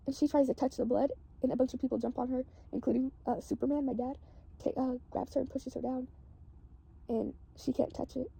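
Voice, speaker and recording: Woman, very raspy, dark tone, casual rambling storytelling, constant "like". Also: high-pitched.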